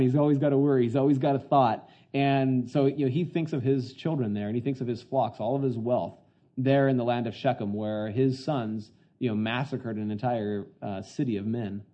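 A man teaching a Bible passage in a chatty sermon, full of fillers and retelling scenes. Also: mid-range voice. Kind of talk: conversational sermon. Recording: dull lo-fi sound.

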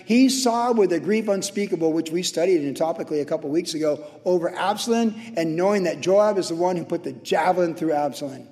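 A man in his sixties preaching a sermon in a conversational way, acting out quotes with sudden shouts. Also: a little high, a little fast, few pauses, big-room sound. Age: 60s. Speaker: pastor.

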